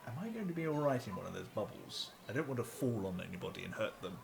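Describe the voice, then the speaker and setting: A man's voice: lowish voice, sing-song, quick pace, vocal fry. A man playing in a tabletop game, joking and hesitant. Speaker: player.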